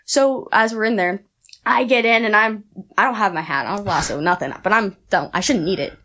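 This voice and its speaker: A young woman talks as a guest on an interview show. She tells her story in a fast, rambling, chatty way, with lots of "like" and bursts of laughter. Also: mid-range voice, bright, forceful tone. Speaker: aspiring wrestler guest. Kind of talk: casual interview chat.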